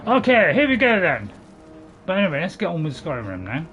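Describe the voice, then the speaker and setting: A man's voice: on the high side, huge pitch swings, fairly quick, a bit bright, highs cut off, soft background music. A man giving casual gameplay commentary, rambling and correcting himself with chuckling asides. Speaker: gaming channel host.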